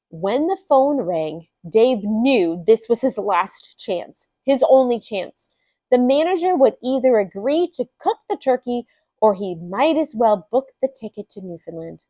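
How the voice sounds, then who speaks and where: A woman reading a funny story aloud as a storyteller, with an expressive, unhurried delivery. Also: on the high side, no echo.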